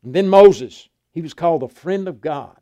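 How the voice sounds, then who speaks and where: A man's voice: a little high, moderate pace, mellow. An older man, a pastor preaching a folksy sermon and acting out Bible dialogue.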